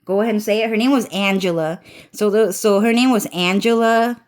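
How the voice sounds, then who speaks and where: In a storytime vlog, a woman with a mid-range, stuffy, congested voice rants a little fast, swearing constantly. She repeats herself and keeps stringing events together with "and then."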